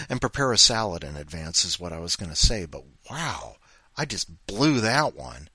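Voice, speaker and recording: A man's voice: deep voice, very animated, moderate pace, sharp tone, breathy edge, no room sound. A man hosting a podcast, rambling in a self-deprecating, jokey way between segments. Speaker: podcast host. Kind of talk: casual chat.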